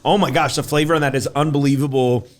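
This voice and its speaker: A man's voice: medium pitch, steady tone. A man hosting a podcast, chatting casually in an enthusiastic, effusive way. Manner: enthusiastic, effusive, quick to laugh. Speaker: podcast host. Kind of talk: casual conversation.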